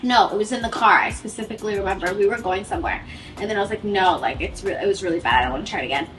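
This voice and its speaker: A woman's voice: medium pitch, racing, over music. A woman telling a casual story, chatty and cutting in, acting out what each person said. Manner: chatty, quotes dialogue, cuts in. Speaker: vlogger telling couple story. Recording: roomy sound from a distance.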